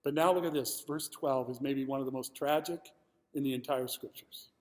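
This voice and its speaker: A male pastor preaching a sermon, talking expressively and moving between loud emphasis and quiet, heavy moments. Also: medium pitch, steady tone, moderate pace. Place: church sanctuary. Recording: long reverb of a church hall.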